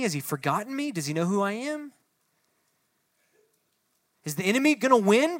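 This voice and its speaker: Young male pastor, conversational sermon, dry close sound, dynamic delivery. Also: dry recording. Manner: shifts from soft and low to loud and impassioned when reading the psalm; addresses the room directly, conversational asides. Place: church hall before a congregation.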